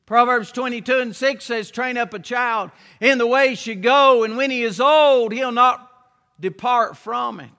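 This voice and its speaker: In a church sanctuary with long hall reverb, a man preaches at a measured pace, his very high voice pushed and bright. Emphatic and repetitive, he stretches out key words, repeats phrases, and reads King James scripture aloud.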